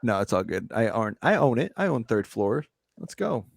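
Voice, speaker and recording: A man's voice: fairly low pitch, very animated, moderate pace, creaky, no echo, studio quality. A man in his thirties hosting a podcast, joking around casually and swearing a lot. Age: 30s. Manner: joking, profane, loose. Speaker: podcast host. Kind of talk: casual chat.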